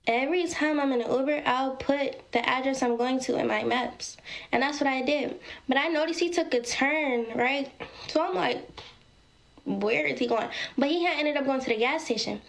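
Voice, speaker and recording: High-voiced woman telling a dramatic story. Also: moderate pace, gravelly. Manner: dramatic, addresses viewers as y'all. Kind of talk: casual storytelling.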